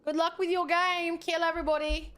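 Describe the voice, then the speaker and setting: High-voiced woman streamer, swearing freely. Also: little pitch movement, brisk. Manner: loud, swears freely, bursts into laughter. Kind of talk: live gameplay commentary. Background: faint game music.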